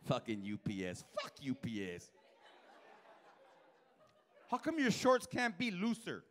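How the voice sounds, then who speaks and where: A man's voice: medium pitch, huge pitch swings, a little slow, a bit bright, slight background noise. A male stand-up comedian on a comedy club stage, doing brash, profane, teasing crowd work with the audience.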